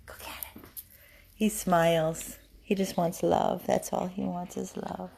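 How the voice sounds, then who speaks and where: Slow, low-voiced woman showing a rescue dog. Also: fairly even intonation, creaky, a little mellow, a little hiss or hum. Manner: switches to high baby-talk for the dog. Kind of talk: casual talk to camera while playing with a dog. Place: indoor rescue room.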